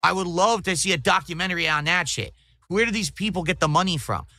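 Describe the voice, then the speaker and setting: Bright-voiced man firing off incredulous questions. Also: high-pitched, fast, dry recording, clean studio sound. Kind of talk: casual livestream chat.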